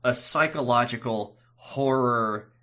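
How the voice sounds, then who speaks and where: A man co-hosting a podcast, chatting about a TV episode in a rambling, halting way with wry asides. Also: medium pitch, pushed and bright. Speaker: podcast co-host. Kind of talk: casual chat recapping a TV episode.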